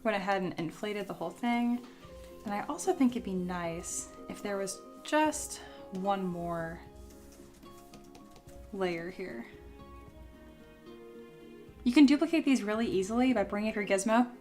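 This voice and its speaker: Young woman, relaxed livestream teacher, talks through her work and chats with viewers; voice still a bit rough. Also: medium pitch, unhurried, pauses often, faint music behind. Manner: chatty, reads chat aloud and answers. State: voice still recovering from illness. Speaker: sculpting livestream host. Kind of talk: casual livestream tutorial.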